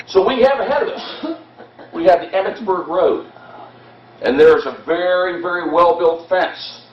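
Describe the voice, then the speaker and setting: A man's voice: high-pitched, a little slow, slight background noise. A man giving an impassioned, dramatic history talk to an audience, telling the story with shifting pace. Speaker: history presenter. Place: hall at a historical society event. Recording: echoey hall, distant, dull lo-fi.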